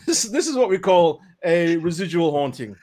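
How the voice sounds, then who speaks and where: Male co-host, chatty and jokey, light higher pitch. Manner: joking, animated, quick asides. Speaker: podcast co-host. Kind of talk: casual chat about ghost stories.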